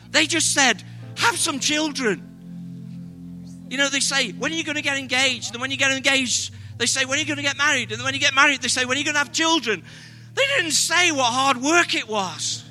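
A man's voice: extremely high pitch, bright, forceful tone. An English man preaching a sermon, telling humorous, self-deprecating travel stories to his congregation. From Britain. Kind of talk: sermon with storytelling.

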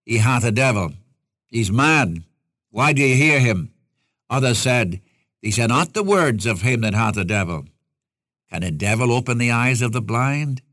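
An older man preaching an expository sermon, reading scripture aloud and rising in pitch to stress his points. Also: a bit bright, no echo, studio quality.

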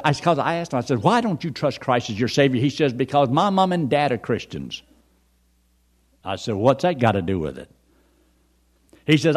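A man preaching a sermon, reading scripture aloud and telling folksy stories from his own ministry. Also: fairly high pitch.

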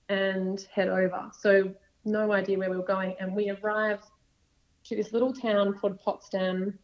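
A young adult woman, a podcast guest talking casually and earnestly about faith, rambling at times in quick bursts. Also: mid-range voice. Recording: dull lo-fi sound.

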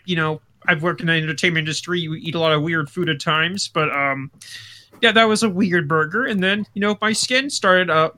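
A grumbling ghost of a puppeteer, put on by a man on a comedy podcast, speaking in a high, very bright, flattened frog-puppet voice. He halts and stammers, dropping curse words as he complains about how he died. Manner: flattened Kermit-like voice, halting, swears a lot. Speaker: podcast co-host. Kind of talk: improvised comedy bit.

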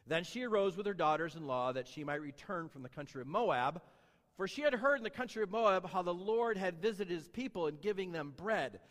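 A man preaching a sermon in a church, reading scripture aloud and asking his congregation lively rhetorical questions. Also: high voice, a little fast, long reverb tail. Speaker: pastor.

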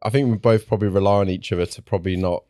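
A man's voice: low voice, fairly even intonation, rapid-fire, warm tone, no echo, clean studio sound. A man guesting on a podcast, bantering and teasing his friend between laughs. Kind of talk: casual chat.

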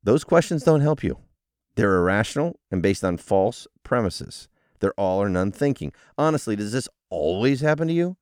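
A low-pitched man talking with a very lively, up-and-down delivery, like a coach explaining an idea to listeners. The sound is dry and close, with no room around it. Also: moderate pace, clear, resonant tone, no echo. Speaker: podcast host. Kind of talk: solo motivational talk.

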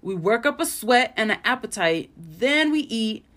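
A woman's voice: fairly high pitch, unhurried. A woman in her thirties talks alone into her podcast mic, casual and blunt. She swears freely and acts out her own past panic in bursts while telling stories. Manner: blunt, profane, animated storytelling. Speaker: podcast host. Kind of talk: casual solo podcast chat.

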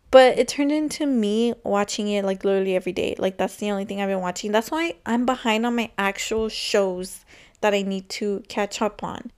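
A woman's voice: mid-range voice, a little mellow, clear, resonant tone. A young woman hosting her own podcast, chatting casually and rambling with lots of filler words. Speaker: podcast host. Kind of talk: casual solo podcast chat.

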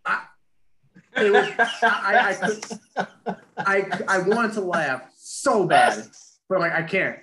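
A man's voice: high voice, lively intonation, slow pace, long pauses, pushed and bright, a little hiss or hum, low-quality recording. A man from Kansas, a podcast co-host and sports reporter, telling a rambling story in casual chat with many fillers.

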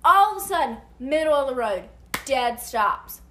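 Animated high-voiced woman telling a story. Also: normal speed, echoey room, a little hiss or hum. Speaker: podcast co-host. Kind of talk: casual chat, storytelling.

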